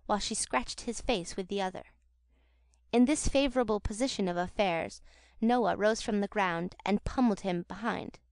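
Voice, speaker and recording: A woman reads a classic novel aloud in a measured, dramatic audiobook style. Her pitch is mid-range for a woman, and the recording is dry and close with no room sound. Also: darkish tone, clean tone, no echo. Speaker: audiobook narrator. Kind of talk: expressive audiobook narration.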